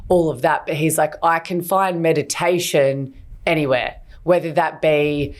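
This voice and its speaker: A woman with a low voice co-hosts a podcast in easy, casual chat. She talks candidly and rambles a little, with fillers and restarts along the way. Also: steady tone, unhurried. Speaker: podcast co-host.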